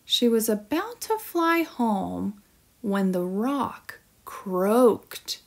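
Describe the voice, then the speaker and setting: A woman teacher reading a children's storybook aloud in an expressive, storytelling manner. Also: on the high side, very slow.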